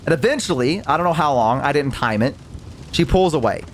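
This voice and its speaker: A young man spins a casual story in a fairly high voice that leaps all over the place. He acts out every character with exaggerated voices, swears freely and leans on fillers like "like" and "right?". It sounds like a relaxed storytime stream. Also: a little fast, a little hiss or hum. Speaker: VTuber storyteller.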